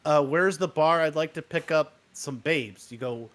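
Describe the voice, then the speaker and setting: A man's voice: fairly high pitch, unhurried, few pauses, fairly bright tone. A man co-hosting a casual comedy talk show, goofy and fond of pushing jokes and mock accents. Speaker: co-host.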